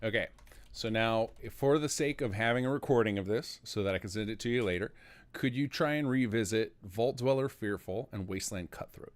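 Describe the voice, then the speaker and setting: A man's voice: lowish voice, fairly quick. A man hosting a modding livestream, chatting casually and enthusiastically with his guest. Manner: enthusiastic, organizing. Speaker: stream host, game modder.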